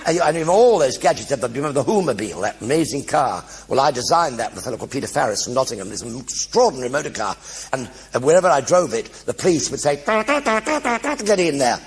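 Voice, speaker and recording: An older British man spins comic stories from a theatre stage, his voice gravelly and rough at the edges. He is a lively raconteur who slips into other people's voices and throws in sound effects as he goes. His pitch sits in an everyday middle range. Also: quick pace. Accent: British English. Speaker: actor telling stage anecdotes. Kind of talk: one-man stage show storytelling.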